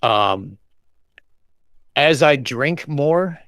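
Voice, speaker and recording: An American man from the West Coast, with a touch of Boston, hosting a casual chat over a video call in a relaxed, rambling way with plenty of fillers. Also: mid-range voice, extremely slow, no echo. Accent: General American, some Boston. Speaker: host.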